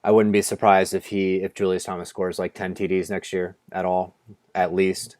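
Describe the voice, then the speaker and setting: Speaking over a video call from home, this man co-hosts a fantasy football draft stream in a loose, rambling way, full of restarts and frequent "like"s. He has a low voice with little pitch movement, a normal speed, a slightly mellow quality, and clean studio sound without echo.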